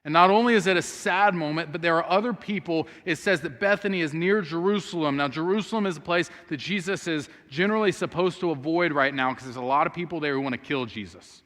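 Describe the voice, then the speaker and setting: A man's voice: fairly high pitch, quick pace, hardly any pauses, fairly bright tone. A man preaching a sermon as pastor, telling a story earnestly and speaking the sisters' words aloud. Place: church sanctuary. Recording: long hall reverb.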